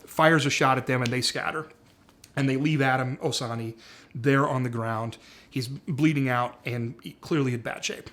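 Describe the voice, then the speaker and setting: A man walks through a series pitch scene by scene, relaxed and conversational. His voice sits in a middle range and he fills pauses with "like" and "uh" as he goes. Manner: conversational, frequent "like" and "uh". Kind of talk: casual story pitch.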